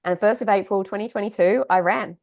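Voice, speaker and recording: A woman in her thirties tells her own story as a podcast guest. Her voice sits at an ordinary middle pitch. She talks candidly and chattily, and her delivery is heartfelt. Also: brisk, vocal fry, darkish tone. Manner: candid, chatty, heartfelt, with laughs and side asides. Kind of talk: casual personal storytelling.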